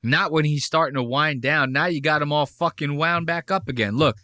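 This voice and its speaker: A man's voice: fairly high pitch, moderate pace, bright, forceful tone, dry recording, studio quality. A man hosting a podcast, reacting to a clip with brash, mocking, profane commentary. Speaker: podcast host.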